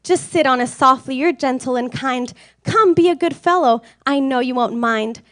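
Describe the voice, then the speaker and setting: A woman's voice: high voice, moderate pace, no room sound, studio quality, close to an everyday voice. A woman voicing a flighty, lazy female bird in a storybook reading, coaxing in a lilting sing-song way.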